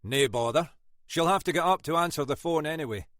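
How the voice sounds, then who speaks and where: A man reading an audiobook, voicing a shrewd older Scottish detective inspector in a dry, probing, quietly commanding manner. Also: a little high, fairly quick, no room sound, pitched above the performer's own voice, lightly acted. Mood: brisk.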